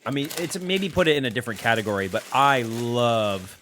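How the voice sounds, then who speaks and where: An easygoing young man co-hosting a casual snack-tasting podcast, with a voice of ordinary pitch for a man. He talks through bites of food in a relaxed way. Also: brisk, slight background noise. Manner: easygoing, chats while chewing. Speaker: podcast co-host.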